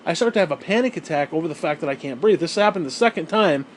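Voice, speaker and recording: A man's voice: on the high side, lively intonation, quick pace, slight background noise, low-quality recording. A man telling a rambling story in a casual rant to his viewers, repeating himself, swearing and laughing now and then. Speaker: gaming and wrestling video host.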